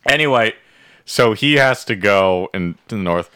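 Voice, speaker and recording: A young man casually recapping a show for his friends, rambling and profane, slipping into quick character voices. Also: lowish voice, animated, sharp tone, clear, resonant tone, no echo, studio quality. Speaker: podcast co-host recapping a show. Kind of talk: casual chat.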